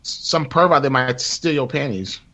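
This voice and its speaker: A man on a podcast, telling a long rant in casual chat, profane and animated, acting out quotes. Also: mid-range voice, normal speed. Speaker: podcast co-host. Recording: dull lo-fi sound.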